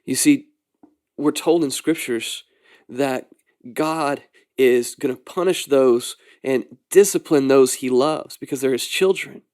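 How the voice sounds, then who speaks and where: A man's voice: mid-range voice, slow, darkish tone. A man hosting a podcast, giving an earnest, pastoral Bible teaching that rises into exhortation.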